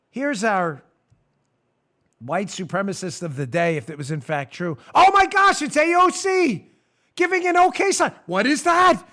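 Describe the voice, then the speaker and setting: Sarcastic and exasperated, this podcast host rants through his political commentary, mocking along the way as his volume climbs. He speaks in an extremely high, very animated voice at a measured pace. The setting is a political talk show that he hosts.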